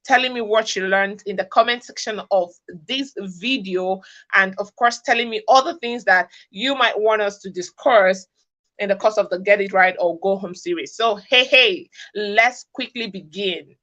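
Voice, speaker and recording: A woman's voice: mid-range voice, moderate pace, sharp tone. A woman from Africa talking straight to camera, giving relationship advice. She presses her points home with repeated rhetorical questions. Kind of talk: direct-to-camera advice talk.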